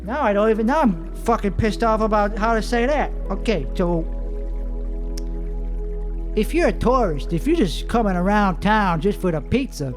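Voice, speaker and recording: Man from chicago, high voice, swearing mock-angry rant, rambling, faint music behind. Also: lively intonation, moderate pace, in a large hall. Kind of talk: rambling profane monologue between karaoke songs.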